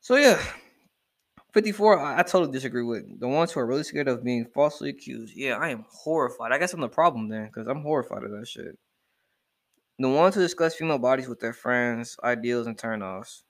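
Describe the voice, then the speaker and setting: A young man ranting casually to camera, animated and profane as he reacts to a list. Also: medium pitch, a little fast. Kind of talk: casual rant.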